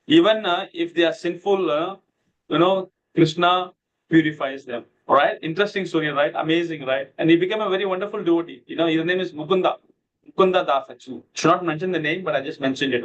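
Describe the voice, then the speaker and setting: A man's voice: fairly high pitch, a bit bright, lo-fi sound, a little hiss or hum. A man teaching a devotional scripture class over a video call, telling a story loosely with lots of "you know" fillers. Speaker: Bhagavad Gita class teacher.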